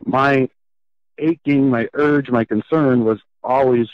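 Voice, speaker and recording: A man earnestly telling his own life story as a podcast guest, halting and restarting as he goes. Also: mid-range voice, steady tone, clean tone, no room sound. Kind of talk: personal storytelling in an interview. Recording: slightly muffled, dull lo-fi sound.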